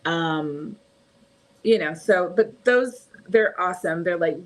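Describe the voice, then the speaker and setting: A woman's voice: lowish voice, animated, slow pace. A woman with a Californian accent, chatting casually as a podcast co-host, rambling and laughing often. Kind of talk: casual chat.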